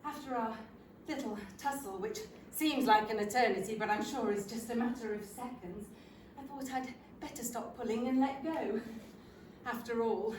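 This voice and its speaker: An older woman, performing a comic stage monologue in a wry, self-deprecating, expressive manner. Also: a little high, moderate pace, slight background noise. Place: theatre stage. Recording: roomy theatre, from a distant mic.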